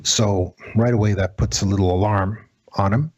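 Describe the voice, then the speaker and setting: A man with a low, husky voice tells an eerie story as a radio guest. His telling is halting and dramatic. The sound is dry and close. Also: fairly even intonation, a little mellow, no echo, muffled recording. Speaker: guest, former federal agent.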